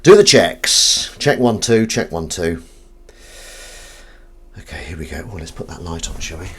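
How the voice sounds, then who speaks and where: A man hosting a casual live stream, joking with his chat and swinging between loud greetings and mumbled asides. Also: sits low, normal speed, slight background noise. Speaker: livestream host.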